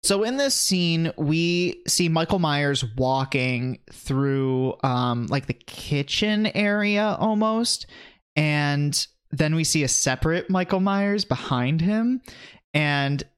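A man's voice: fairly high pitch, animated, takes it slowly, clean tone. A man co-hosting a podcast, retelling scenes animatedly in casual chat and cursing freely. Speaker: podcast co-host.

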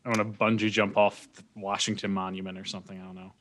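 A man's voice: on the low side, level tone, quick pace, fairly bright tone. Male podcast co-host, dry joker, casual rambling chat. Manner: dry, joking, rambling asides.

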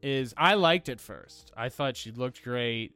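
Blunt male film critic, animated delivery, dry close sound. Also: medium pitch, a little slow, clean tone, dry recording, soft background music. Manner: blunt, opinionated, swears freely. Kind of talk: casual film review chat.

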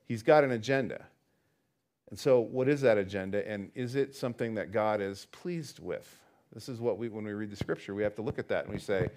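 A man teaching a Bible study in a relaxed, conversational way, reading scripture aloud and then explaining it with chatty asides. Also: on the low side, a little fast.

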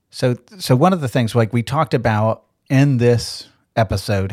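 A man's voice: lowish voice, darkish tone, dry recording, clean studio sound. A man teaching through a Bible passage in a podcast, conversational and explanatory, often asking rhetorical questions.

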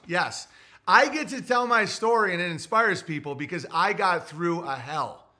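A man's voice: high-pitched, lively intonation, moderate pace, bright, forceful tone. A man hosting a livestream, delivering a blunt, crude, lecturing rant straight to his viewers. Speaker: livestream host. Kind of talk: ranting livestream monologue.

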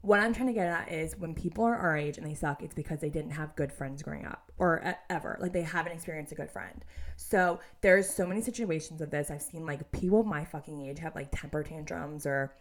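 Woman, 20s, podcast host; blunt, sweary, filler-heavy casual talk, lowish pitch. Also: brisk. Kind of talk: casual chat.

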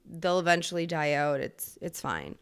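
Smooth-voiced woman ranting profanely. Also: low voice, normal speed. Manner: profane, animated, laughs often. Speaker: podcast host. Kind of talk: casual comedic rant.

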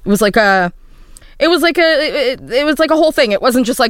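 Animated woman telling stories of her child. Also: fast, clear, resonant tone, no echo, clean studio sound. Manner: animated storytelling, jumps up high when quoting her child. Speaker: podcast co-host and mother. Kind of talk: casual chat.

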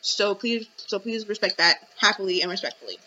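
A woman's voice: medium pitch, animated, a little fast, bright, forceful tone, dull audio, slight background noise. A young adult woman hosting a podcast, ranting animatedly in casual chat with lots of fillers. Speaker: podcast host.

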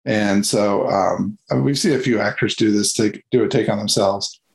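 A man's voice: lowish voice, moderate pace, vocal fry, rough recording. A man hosting a casual movie review chat, rambling and hesitant with many fillers and restarts.

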